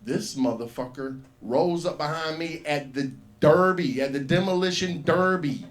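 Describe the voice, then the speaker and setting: A man's voice: a little high, measured pace. A man hosting an open mic, rambling through a profane story and acting out the voices in it. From US South. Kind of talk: stand-up storytelling. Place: comedy club stage.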